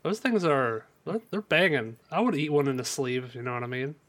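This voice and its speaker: A man's voice: medium pitch, animated, fairly quick, fairly bright tone. A man co-hosting a podcast, joking around and fumbling for words, swearing when stuck. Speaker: podcast co-host. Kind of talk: casual podcast banter.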